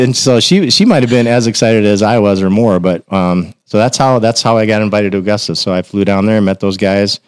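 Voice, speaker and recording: Podcast guest, man, lower register, animated storyteller, dry close mic. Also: a little fast, few pauses, no echo. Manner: animated, acts out quotes in a raised voice. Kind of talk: casual storytelling.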